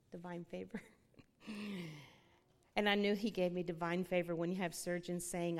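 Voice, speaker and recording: A woman with a lowish voice tells her faith testimony in an animated, chatty way, laughing often and talking directly to the crowd. Her words ring out with a long reverb, as if she were speaking in a large hall. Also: moderate pace, pauses often. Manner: animated storyteller who laughs often and addresses listeners as y'all. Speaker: guest speaker sharing a testimony.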